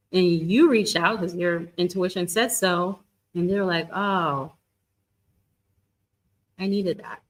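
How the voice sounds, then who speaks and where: A middle-aged woman talks straight to her live-stream viewers in an encouraging, coaching way. Her voice sits at a middle pitch, and she restarts her sentences often as she goes. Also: rough recording. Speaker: twin flame guidance coach.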